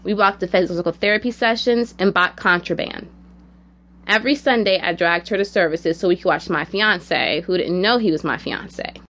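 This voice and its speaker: A woman's voice: fairly low pitch, normal speed, a bit bright. Woman telling a personal story. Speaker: narrator.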